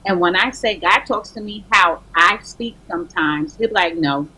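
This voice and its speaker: A woman author guest on a morning TV show, telling faith stories in a lively way and acting out her talks with God. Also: medium pitch, normal speed, husky, poor audio. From Barbados. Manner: lively storytelling, acts out dialogues with God, exclamations. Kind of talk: animated faith talk on morning TV. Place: TV studio.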